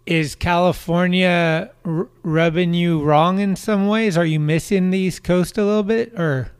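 A man hosting a casual interview, relaxed and low-key, with short replies. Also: measured pace, clear, resonant tone, no room sound, studio quality. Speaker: podcast host.

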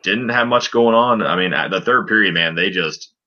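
A man with a very low voice talks through a hockey game on a casual podcast. He rambles, with many fillers and restarts. His tone is bright and forceful, and the recording sounds dull and lo-fi. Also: moderate pace. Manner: rambling play-by-play recap with frequent fillers. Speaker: podcast co-host. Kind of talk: casual sports podcast chat.

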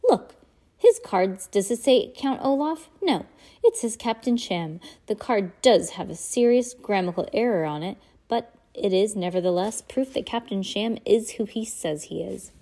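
A woman's voice: mid-range voice, lively intonation, normal speed, dark tone. A woman reading a storybook aloud, voicing a fussy, nervous elderly widow who talks primly and frets easily. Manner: prim, fretful and easily flustered.

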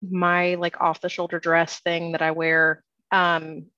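A woman's voice: lowish voice, completely flat delivery, slow pace, sharp tone, no room sound. A woman describing her outfit as a guest player at a tabletop game, rambling and hesitant with lots of fillers. The mic sounds dull and dry, with no room around her. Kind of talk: casual tabletop game chat.

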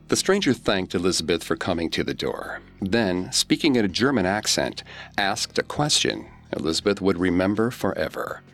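Male podcast host, very low voice, grave scripted true-crime read over faint music. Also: big pitch swings, moderate pace, a bit bright.

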